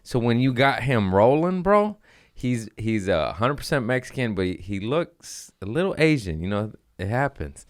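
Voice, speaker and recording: A man's voice: mid-range voice, big pitch swings, moderate pace, no echo, studio quality. A man who is a guest on a podcast, chatting in a laid-back way and telling family anecdotes. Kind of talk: casual chat.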